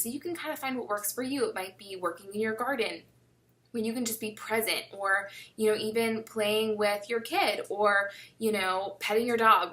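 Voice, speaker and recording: A young woman talking casually to camera, giving chatty, encouraging advice on coping with stress. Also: medium pitch. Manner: warm, encouraging, chatty with many fillers. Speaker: fitness vlogger.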